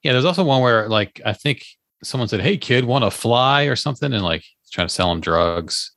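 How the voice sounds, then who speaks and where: A man's voice: fairly low pitch, expressive, a little fast, creaky, fairly bright tone, no room sound, clean studio sound. A man hosting a podcast who chats casually, laughs often and acts out little bits. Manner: laughing, storytelling, doing bits. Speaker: podcast host. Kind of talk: casual chat.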